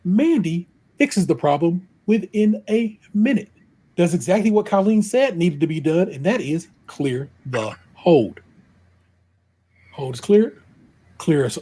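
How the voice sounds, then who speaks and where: A young man hosting a podcast, retelling a frustrating episode in an animated, exasperated casual way. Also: on the high side, husky. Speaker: podcast host. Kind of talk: casual storytelling chat.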